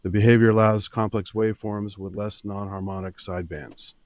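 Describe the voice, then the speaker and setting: A man's voice: fairly low pitch, little pitch movement, fairly quick, darkish tone, a little hiss or hum. A man on a casual panel chat, reading a product description aloud and adding a joke.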